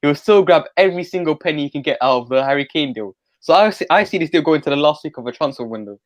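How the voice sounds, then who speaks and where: A blunt man cuts into a casual football chat with his opinions. He talks quickly in a slightly raised voice. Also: a little high, lively intonation. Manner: blunt, interjecting.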